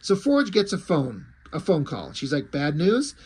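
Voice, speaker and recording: A man's voice: fairly high pitch, wildly swooping pitch, moderate pace, a little mellow, slightly rough. A man reviewing comics in a casual, wry way, with fillers and mild swearing. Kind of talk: casual chat.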